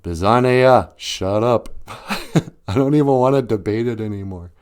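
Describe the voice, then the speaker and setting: A man with a lowish, slightly mellow, smooth voice hosts a podcast, talking at normal speed in a casual, jokey monologue. Laughter comes often, along with sung snippets and sarcastic mock voices for people he quotes.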